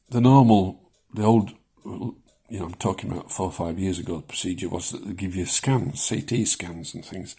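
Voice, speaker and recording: A man in his seventies talking casually in a personal vlog, rambling with many pauses and chuckling at his own jokes, shaky as he speaks. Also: low-pitched, mellow, slightly rough. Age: 70s. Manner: rambling, self-deprecating, chuckles often, many ums. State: shaking. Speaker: vlogger sharing his cancer experience.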